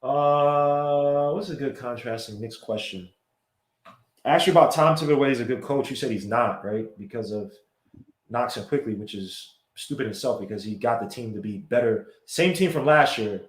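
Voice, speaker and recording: A man hosting a sports podcast, chatting casually, excitable and quick to give shout-outs. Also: mid-range voice. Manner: excitable, gives shout-outs, laughs loudly. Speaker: podcast host. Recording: echoey room.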